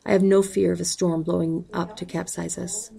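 A woman reading a novel aloud in a calm, even way, calling out the page numbers as she goes. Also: fairly low pitch, moderate pace, creaky, low-quality recording. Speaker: audiobook reader.

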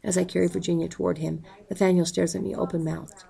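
A woman reading a novel aloud in a calm, even way, calling out the page numbers as she goes. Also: fairly low pitch, quick pace, vocal fry, slightly rough, low-quality recording. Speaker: audiobook reader.

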